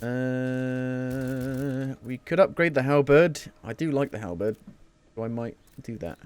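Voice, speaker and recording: A man's voice: medium pitch, slow pace, smooth, faint music behind. A man giving casual, jokey live commentary while playing a video game, often muttering to himself. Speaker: gameplay streamer.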